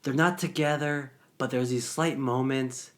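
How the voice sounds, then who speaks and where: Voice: medium pitch, steady tone, unhurried. Hesitant guest podcast co-host. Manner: hesitant, repeats words as they start. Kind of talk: casual chat.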